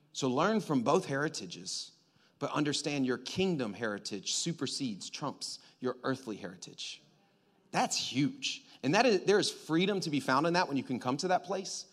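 A pastor preaching a sermon, moving between loud emphatic lines and hushed, intimate near-whispers while talking straight to the congregation. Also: male voice, mid-range voice. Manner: conversational, addresses congregation directly.

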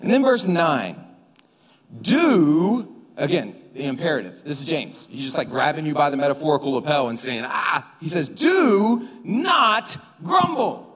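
High-voiced man preaching in a reverberant hall. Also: sing-song, fast talker, hardly any pauses. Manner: conversational preaching, rising to shouts for emphasis. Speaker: pastor. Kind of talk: sermon. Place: church sanctuary. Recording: long reverb of a church hall.

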